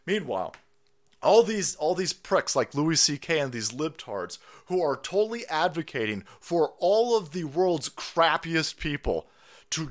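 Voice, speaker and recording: A man hosting a livestream, ranting in a mocking, combative way that swings from loud outbursts to low muttering, and reading viewer chat aloud. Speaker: livestream host. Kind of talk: ranting political commentary livestream.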